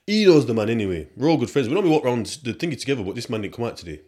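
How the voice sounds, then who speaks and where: A man's voice: mid-range voice, sing-song, racing, warm tone. Chatty young British man with slang. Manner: chatty and rambling, street slang, asides to listeners. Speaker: podcast host. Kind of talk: casual storytelling monologue.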